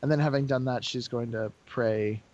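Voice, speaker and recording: A man's voice: mid-range voice, fairly even intonation, normal speed, darkish tone, muffled recording. A man playing in a tabletop role-play, thinking out his plans aloud with many hesitant fillers. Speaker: player.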